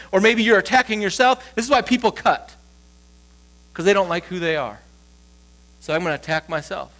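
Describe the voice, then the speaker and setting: A male pastor giving a sermon in a conversational, storytelling way, with quick shifts as he acts out the voices of others. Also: pushed and bright. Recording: low mains hum.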